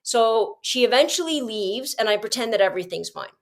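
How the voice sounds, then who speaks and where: Woman host telling a story, kinda high voice, keeps restarting her sentences. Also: animated, a little fast. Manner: rambling with frequent restarts. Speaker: podcast host. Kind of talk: casual storytelling.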